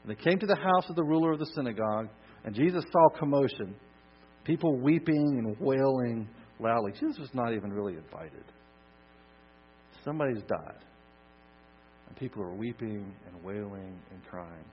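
A man preaching a sermon, swinging from loud emphasis to soft, hushed lines. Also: mid-range voice, expressive, normal speed. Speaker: pastor. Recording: dull lo-fi recording with mains hum.

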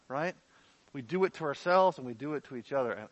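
A man's voice: medium pitch, animated, fast, no room sound, dull audio. A man preaching as pastor, candid and conversational, often checking in with his listeners. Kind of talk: sermon.

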